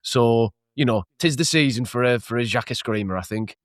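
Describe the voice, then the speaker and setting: A man's voice: mid-range voice, brisk, dry recording, clean studio sound. A man co-hosting a casual football podcast, talking with lots of hesitations and laughing easily. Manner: hesitant, laughs often, many fillers. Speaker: podcast co-host. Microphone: remote call.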